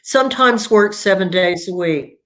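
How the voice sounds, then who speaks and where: A woman author as a guest on a live video chat, telling family stories in a warm, storytelling way, heard over a video call. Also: mid-range voice, lively intonation, moderate pace. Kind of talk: casual interview conversation.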